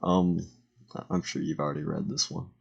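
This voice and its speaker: Low, gravelly teen boy narrating slides. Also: flat delivery, muffled recording. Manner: halting, self-correcting, joking asides. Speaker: student presenter. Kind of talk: casual slideshow voiceover.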